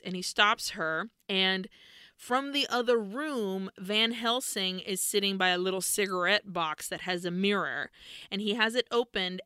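A woman's voice: mid-range voice, pushed and bright, clean tone, no echo, studio quality. A woman co-hosting a podcast, casually and animatedly retelling a film plot, acting out characters' lines and swearing freely. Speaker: podcast co-host. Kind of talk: casual chat recapping a film.

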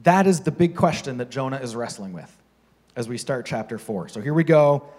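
A pastor giving a casual, conversational sermon, firing off rhetorical questions to the congregation. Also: male voice, mid-range voice, lively intonation, normal speed, a little mellow.

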